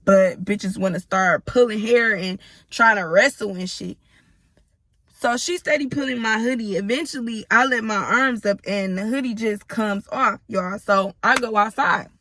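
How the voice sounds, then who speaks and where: A woman's voice: mid-range voice, normal speed, fairly bright tone, no room sound. A woman in her thirties telling a personal story to her viewers in a blunt, profane, casual way, often turning to address them directly. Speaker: storytime vlogger.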